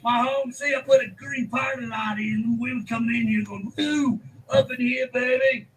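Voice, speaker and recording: A man voicing a crude, loud trailer-park man who shows off his run-down house in a comedy sketch. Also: very high-pitched, animated, moderate pace, husky, pitched above the performer's own voice, exaggerated voice, rough recording. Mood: crude bragging.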